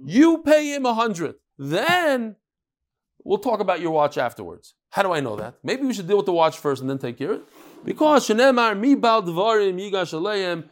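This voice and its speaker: Animated man teaching Talmud. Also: high voice. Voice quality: animated, storytelling with acted quotes and sudden loud punches. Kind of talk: lively Talmud lecture.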